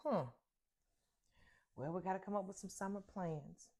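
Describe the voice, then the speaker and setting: A woman's voice: medium pitch, normal speed, a little mellow. An older woman, a grandmother, chatting casually through her morning chores at home. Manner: chatty, talks to herself while doing chores. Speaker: vlogger. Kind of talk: casual morning vlog narration. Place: home kitchen.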